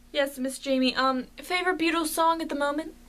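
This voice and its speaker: Young woman rambling thru fan questions, kinda shy, high-ish voice, faint music behind. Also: moderate pace, fairly bright tone, low-quality recording. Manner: chatty, shy, rambling answers. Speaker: vlogger. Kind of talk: casual fan Q&A.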